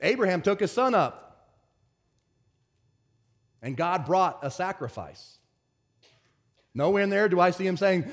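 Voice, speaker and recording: A pastor delivering a conversational sermon, telling stories in an animated, stop-and-start way. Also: male voice, a little high, moderate pace, pauses often. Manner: conversational storytelling, animated, many restarts.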